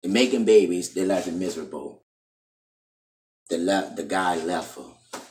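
Deep-voiced man preaching in an echoey room. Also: measured pace, a little mellow, recorded from a distance, slight background noise. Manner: repetitive, keeps ending lines with "man"; scolding and insistent. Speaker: video preacher. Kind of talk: preachy monologue to camera.

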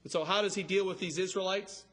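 A man preaching an expository sermon, emphatic and rising to a shout on key words. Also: high-pitched, fairly even intonation, fast, husky. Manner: expository, explains scripture line by line. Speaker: pastor.

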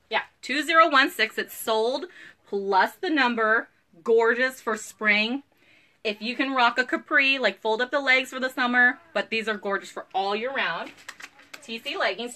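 A woman's voice: fairly high pitch, pushed and bright. A woman in her thirties hosting a casual live-stream sale, chatty and bubbly, greeting viewers by name.

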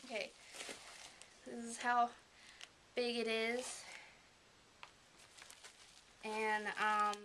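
A woman vlogging as she unboxes something, talking in a halting, subdued way with many pauses and fillers, into a camera mic. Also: fairly high pitch, level tone, sharp tone, a little hiss or hum, poor audio. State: emotional, subdued. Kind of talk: casual unboxing chat.

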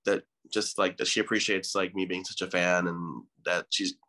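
Bright-voiced man in his thirties, rambling. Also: deep voice, little pitch movement, moderate pace. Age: 30s. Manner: rambling, effusive storyteller. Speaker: podcast guest. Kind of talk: casual chat.

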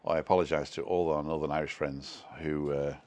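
A man's voice: very deep voice, steady tone, fairly quick, darkish tone. A man hosting a casual live stream, chatting in a self-deprecating way and reading out viewer comments from home.

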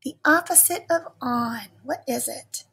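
A woman teacher giving a recorded lesson to young children, speaking in a slow, patient and encouraging way. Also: high voice, gravelly, bright, forceful tone, slightly rough.

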